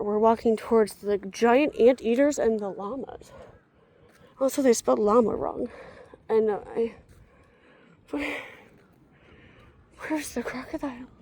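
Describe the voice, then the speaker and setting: A woman's voice: a little high, creaky, a little mellow, a little hiss or hum. A young woman vlogging as she walks outdoors, rambling with wry muttered asides, tired and a little out of breath. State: tired and a bit out of breath from walking. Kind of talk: rambling walk-and-talk vlog. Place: outdoors walking through a zoo.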